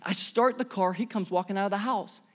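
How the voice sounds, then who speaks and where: A man preaching a sermon as pastor, telling stories in an animated, conversational way with bursts of emphasis. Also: high voice, brisk.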